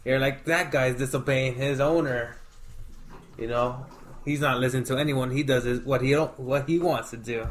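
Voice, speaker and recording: A man's voice: mid-range voice, steady tone, fairly quick, slight background noise. A man who is a guest on a casual podcast, chatting in an easygoing way and laughing often.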